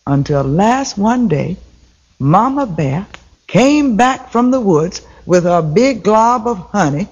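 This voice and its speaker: A man's voice: high-pitched, a little mellow, breathy edge, dull audio. A man telling a folktale as a storyteller, in a rhythmic, repetitive, folksy way.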